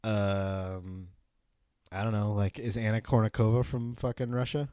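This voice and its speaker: A man's voice: on the low side, little pitch movement, a little slow, warm tone, smooth, dry recording, studio quality. A young man co-hosting a crude comedy podcast, swearing freely and laughing often in playful banter. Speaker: podcast co-host.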